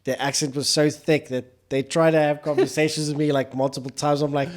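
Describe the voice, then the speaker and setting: A man's voice: fairly high pitch, a little fast, few pauses, a bit bright. Crude, storytelling podcast co-host, a man. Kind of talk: casual chat.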